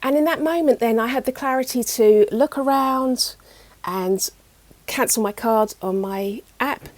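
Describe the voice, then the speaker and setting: A middle-aged woman, telling personal stories as an interview guest in a chatty, animated way. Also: fairly high pitch, a little slow, no room sound. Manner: chatty, animated retelling with many fillers. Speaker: guest, EFT practitioner. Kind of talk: casual interview storytelling.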